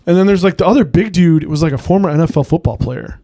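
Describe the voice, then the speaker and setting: A podcast co-host, a man with a slightly raised pitch, talks in loose rambling bursts full of "like" and casual swearing. His voice is recorded close and dry, with no room sound. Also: fast talker, dark tone, dry recording. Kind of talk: casual movie podcast chat.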